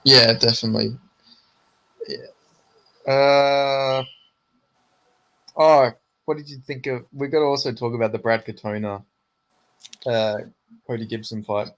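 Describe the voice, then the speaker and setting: Brief: relaxed male co-host, mid-pitched, stumbles and restarts, swears casually. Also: measured pace, long pauses. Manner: stammering restarts, sweary, laid-back. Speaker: podcast co-host. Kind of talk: casual chat about fights.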